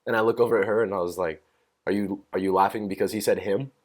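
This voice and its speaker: A man's voice: lowish voice, steady tone, fast, a little mellow. A young man hosting a solo podcast, telling a story in a rambling, profane way with plenty of fillers and amused laughs. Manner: amused, laughs at own stories. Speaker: podcast host. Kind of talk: casual solo rant.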